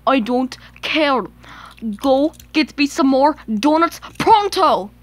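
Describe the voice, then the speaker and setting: Grumpy male engine, voiced by a woman, bossy, greedy, loud, slow-paced. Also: high-pitched, dry recording. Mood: demanding. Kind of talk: homemade toy play-acting.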